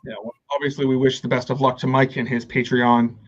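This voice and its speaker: A man's voice: medium pitch, flat delivery, fast. Male podcast host, loose and profane, stumbling restarts, slightly dull audio. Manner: rambling, profane, many restarts. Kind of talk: casual chat.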